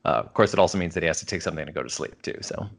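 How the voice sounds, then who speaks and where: Guy recapping a show on a podcast, really animated voice that swings all over, tells it like a story. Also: low-pitched, racing, gravelly. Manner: animated storytelling, acts out quoted lines. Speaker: podcast co-host recapping an episode. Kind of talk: casual podcast chat.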